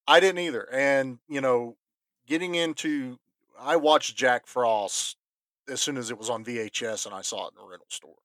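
A man's voice: medium pitch, moderate pace, a bit bright, no echo. Enthusiastic podcast co-host man. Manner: enthusiastic, restarts often. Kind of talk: casual movie review chat.

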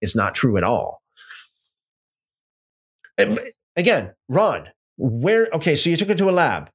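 A man's voice: on the high side, measured pace, gravelly, pauses often, breathy edge. A man teaching a casual Bible study, talking off the cuff with many restarts and repeated words, and acting out mocking back-and-forth dialogue. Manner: animated, repeats words and restarts sentences, mocks claims with imitated dialogue. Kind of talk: casual unscripted lecture.

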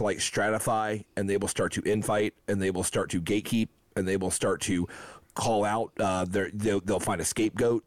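A man's voice: fairly low pitch, no room sound. Laid-back man with a dry, close sound. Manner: laid-back storyteller, filler-heavy. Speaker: former touring band member. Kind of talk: casual podcast chat.

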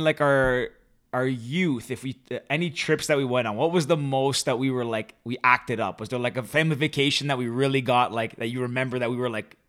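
A man's voice: mid-range voice, fairly bright tone. A young man co-hosting a podcast, chatting casually and telling family stories with lots of fillers and laughs. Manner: storytelling with many fillers, laughs often. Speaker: podcast co-host. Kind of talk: casual chat.

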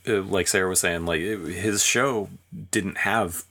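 Low hesitant male podcast voice. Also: bright, forceful tone. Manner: hesitant, slow, searching for words. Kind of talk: casual podcast banter.

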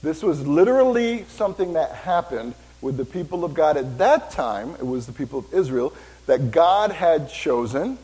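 A man's voice: on the high side, very animated, normal speed, a little mellow, rough recording. Man preaching a conversational sermon. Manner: conversational preaching with asides and questions to the congregation. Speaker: pastor.

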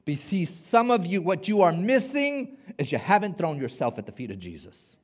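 A man's voice: sits high, very animated, normal speed. A man preaching a sermon as pastor, emphatic, repeating words and rallying his listeners.

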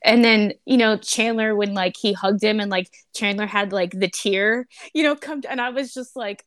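A woman's voice: a little high, moderate pace, few pauses, fairly bright tone, no echo, studio quality. A woman co-hosting a podcast, chatting casually, gushing and laughing a lot as she acts out her own reactions. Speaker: podcast co-host. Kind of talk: casual chat.

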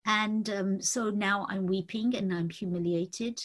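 A woman earnestly telling a personal faith testimony, reflective and halting with fillers. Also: medium pitch, steady tone. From Indian family. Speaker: testimony speaker.

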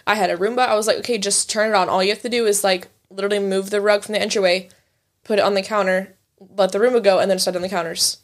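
A woman's voice: mid-range voice, fairly even intonation, racing. A young woman in her twenties co-hosting a casual chat show, candid and swearing freely, acting out the voices of people in her stories. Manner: candid, swears freely, acts out quoted dialogue. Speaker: podcast co-host.

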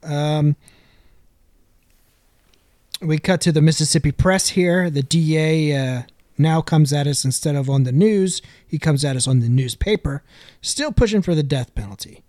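A man's voice: fairly high pitch, moderate pace, darkish tone, dry recording, clean studio sound. Laid-back man recapping a movie. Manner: laid-back, narrates scenes with jokey asides. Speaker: podcast host. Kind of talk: casual movie recap podcast.

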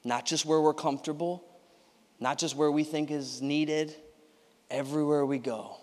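A young man preaching a sermon as a pastor, chatty and energetic, often checking in with "you know what I mean, right?". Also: on the high side, normal speed. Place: church sanctuary. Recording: long hall reverb.

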